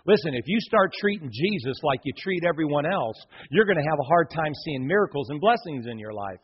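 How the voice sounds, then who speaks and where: A man preaching a sermon in a lively, conversational way, acting out quoted voices with playful emphasis. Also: on the high side, a little fast, few pauses, husky, muffled recording. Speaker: pastor.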